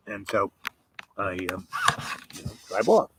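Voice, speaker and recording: A man's voice: lowish voice, lively intonation, a little slow, creaky, long pauses, background noise. A man telling a casual anecdote in a rambling way, restarting sentences and chuckling now and then. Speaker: storyteller.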